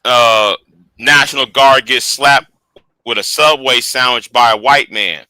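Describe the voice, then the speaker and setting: A man hosting a casual livestream, rambling with repeated words, profanity and quiet trailing asides. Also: medium pitch, measured pace, no echo. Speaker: livestream host.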